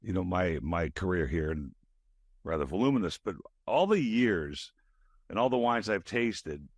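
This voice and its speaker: Older male host, deep dry voice. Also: expressive, unhurried, no room sound. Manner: rambling with fillers, drops to a low mutter. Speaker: podcast host. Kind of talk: casual interview chat. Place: studio.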